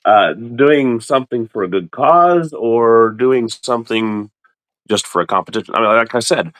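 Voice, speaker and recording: A middle-aged man hosting a casual ministry chat, explaining in a lively, halting way with frequent restarts. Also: no room sound. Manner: animated, repeats and restarts words, jumps into high mock voices. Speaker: ministry host.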